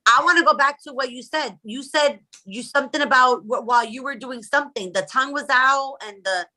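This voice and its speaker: A woman co-hosting a casual podcast chat, loud and exclamatory, often breaking into laughter. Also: high-pitched, fairly quick. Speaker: podcast co-host.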